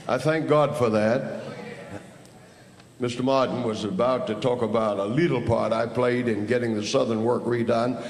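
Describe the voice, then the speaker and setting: A man's voice: medium pitch, fairly even intonation, normal speed. Emphatic older man in an echoing hall. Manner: emphatic, preacherly storyteller. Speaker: church elder and panelist. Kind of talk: panel talk, anecdotal storytelling. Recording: reverberant hall.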